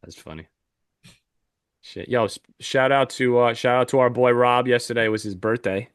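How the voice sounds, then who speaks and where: A man's voice: medium pitch, normal speed, clear, resonant tone, no room sound, clean studio sound. A man co-hosting a podcast, laid-back and jokey, mostly giving short replies. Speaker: podcast co-host. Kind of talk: casual chat.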